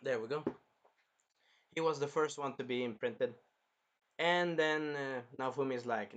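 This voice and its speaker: A man hosting a casual anime review, rambling and animated, swearing freely as he recaps an episode. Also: mid-range voice, a little slow, pauses often, lo-fi sound. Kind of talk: casual chat.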